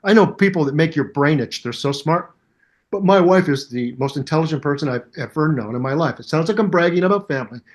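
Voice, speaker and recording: An older man chats as an interview guest with a fairly high voice. He tells his stories with a lot of energy, acting out other people's voices and sounds as he goes. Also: fast talker. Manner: animated storyteller, mimics voices and sounds. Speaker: guest musician. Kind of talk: casual interview chat.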